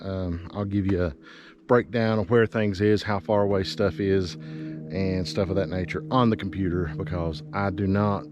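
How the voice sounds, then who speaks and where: Over music, a low-pitched male voice comes through muffled, keeping a steady tone and moderate pace. The realtor walks the land outdoors beside a river and hillside, chatting casually, winded and full of fillers.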